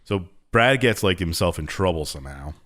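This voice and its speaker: A man's voice: low-pitched, lively intonation, normal speed, a bit bright. A man co-hosting a podcast, casually retelling a game's story in a laid-back way. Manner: laid-back storytelling, acts out characters briefly. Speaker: podcast co-host recapping a game. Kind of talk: casual chat.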